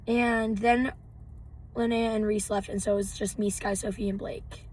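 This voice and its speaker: A teenage girl co-hosting a casual podcast, rambling and filling every pause with "like.". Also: mid-range voice, level tone, a little mellow, husky. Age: teens. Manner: rambling, heavy use of "like". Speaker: podcast co-host. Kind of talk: casual chat. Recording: distant mic with faint background noise.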